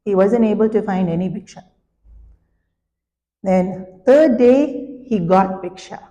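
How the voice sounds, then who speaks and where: A woman spiritual teacher giving a sermon, telling a story with animated, laughing delivery. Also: mid-range voice, slow pace, long reverb tail.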